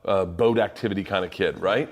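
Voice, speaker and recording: A man's voice: sits low, fairly quick. A man from Florida co-hosting a podcast, telling a story in a casual, profane way with a lot of laughing. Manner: animated, profane, laughing often. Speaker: podcast co-host.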